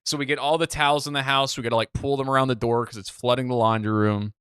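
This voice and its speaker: A young man from the Midwest telling a story on a podcast in a casual, animated way, swearing freely and acting out what people said. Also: medium pitch, fast. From Midwest United States. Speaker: podcast co-host.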